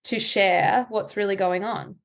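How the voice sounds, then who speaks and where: A woman anxiety coach, a podcast guest, explaining ideas in a calm, reflective way. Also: medium pitch, unhurried, gravelly. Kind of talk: conversational interview.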